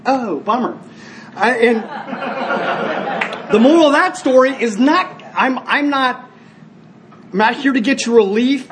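A man with a very high voice speaks slowly at a recovery meeting, leaving long pauses, with a little hiss or hum in the background. His personal share is earnest storytelling that turns animated as he acts out scenes, with frequent restarts.

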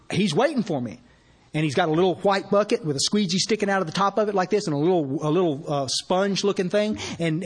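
A man with a slightly raised voice tells a folksy story at a recovery meeting. He speaks in a plain, conversational way, restarting often and acting out bits of dialogue as he goes. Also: a little high. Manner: acts out quoted dialogue. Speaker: sponsor sharing his story.

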